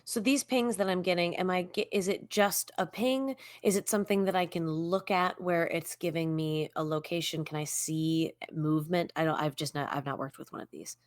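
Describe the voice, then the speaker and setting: Lower-voiced woman playing a tabletop game. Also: fairly even intonation, moderate pace, few pauses, no room sound. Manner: curious, asking many questions. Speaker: player.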